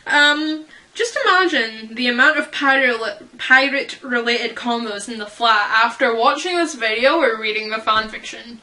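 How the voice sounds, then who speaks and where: A woman's voice: fairly high pitch, animated, normal speed, bright, forceful tone, low-quality recording. A young woman vlogging casually as a fan, rambling and giggling at herself. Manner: giggly, rambling, self-deprecating. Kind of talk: casual chat.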